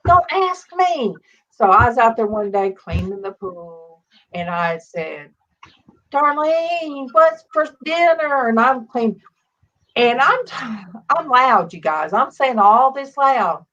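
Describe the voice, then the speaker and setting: A woman's voice: medium pitch, animated, unhurried. Chatty woman hosting, lo-fi sound. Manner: chatty storyteller, acts out voices loudly. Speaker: host. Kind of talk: casual chat. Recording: dull lo-fi sound.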